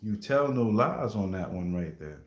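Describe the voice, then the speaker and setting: Male streamer, easygoing rambling chat, somewhat low voice, roomy echo. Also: lively intonation, unhurried. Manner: rambling, laid-back, heavy use of filler phrases like "you know what I mean". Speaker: livestream reaction host. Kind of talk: casual livestream chat with viewers.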